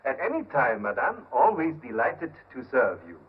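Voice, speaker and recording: An actor playing an ingratiating shopkeeper who coaxes a young woman with soft, smooth talk, in 1930s film acting. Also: mid-range voice, very animated, moderate pace. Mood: coaxing. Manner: coaxing, smooth-talking. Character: ingratiating male shopkeeper with a French shop name. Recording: tinny 1930s film soundtrack with hiss.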